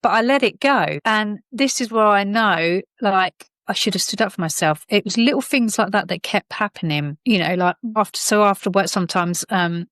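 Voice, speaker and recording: Middle-aged British woman, guest, candid and rambling with fillers, medium pitch, dry room. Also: moderate pace, few pauses, a bit bright, dry recording. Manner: rambling, many fillers and restarts. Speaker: podcast guest, author. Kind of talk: candid personal storytelling.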